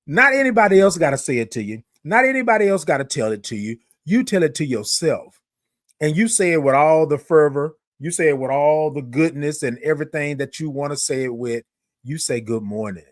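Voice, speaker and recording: A man hosts a relaxed morning livestream, talking easily to his viewers and greeting each one by name. His voice sits a little high for a man. The sound is dry and close, with the microphone right at his face. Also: no room sound. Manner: chatty, greets viewers by name, drawn-out sung "good morning". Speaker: livestream host. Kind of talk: casual livestream talk.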